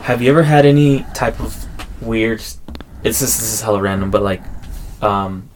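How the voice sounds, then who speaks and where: Young guy with a lowish voice, loose slangy chat, faint noise behind. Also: little pitch movement, normal speed. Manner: loose slangy talk, many fillers. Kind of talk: casual chat.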